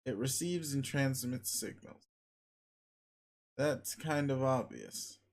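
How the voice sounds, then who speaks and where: A man's voice: mid-range voice, slow, darkish tone. Man giving dry, mocking narration. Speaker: webcomic reader. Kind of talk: reading a webcomic aloud.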